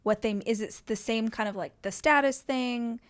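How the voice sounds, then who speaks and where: A woman's voice: a little high, moderate pace. A middle-aged woman hosting a podcast, talking casually with restarts and lots of "like.". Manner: rambling, restarts thoughts, many "like"s. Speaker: podcast host. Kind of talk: casual interview conversation.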